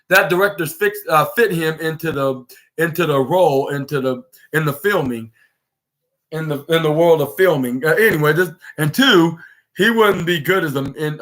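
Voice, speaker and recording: Man, podcast host, casual wrestling recap, rambling, self-correcting, slightly high-pitched. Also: a bit bright.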